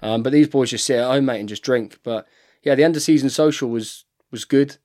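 Guesting on a podcast, a rugby player in his thirties keeps up a casual chat full of stories, dropping "mate" all the time. His mellow, medium-pitched voice moves fairly quickly.

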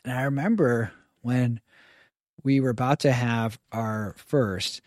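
A man chatting as a podcast guest, telling stories in a lively way and acting out the people he quotes. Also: medium pitch, slow pace, dry recording, clean studio sound. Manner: animated storyteller who acts out quoted people. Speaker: podcast guest, stay-at-home father. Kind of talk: casual podcast conversation.

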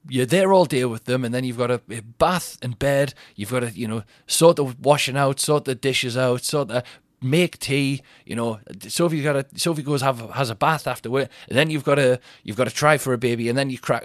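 A man's voice: medium pitch, dry recording. Rambling man, dry close sound. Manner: rambling and self-mocking, with frequent restarts and laughter. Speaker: podcast host. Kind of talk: casual comic monologue.

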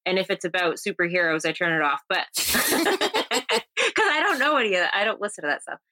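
A woman's voice: on the low side, expressive, brisk, pushed and bright. A woman chatting casually as a podcast guest, talking freely and laughing often.

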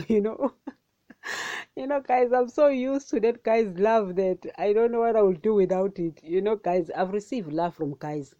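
A woman hosting a devotional podcast, talking casually and excitably, often addressing listeners as guys. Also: medium pitch, moderate pace, no room sound, muffled recording. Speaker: podcast host.

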